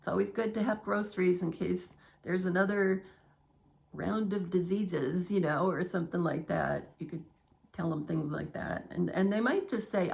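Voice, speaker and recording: Gravelly-voiced chatty woman rambling at home. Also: lowish voice, a little slow. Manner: chatty and digressive, laughing often. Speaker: vlogger. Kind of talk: rambling casual monologue.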